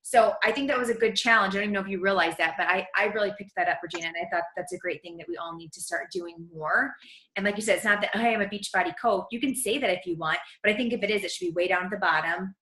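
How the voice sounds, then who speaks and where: A woman hosting a motivational team coaching call, gushing and energetic in casual chat. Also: medium pitch, very fast, echoey room, poor audio.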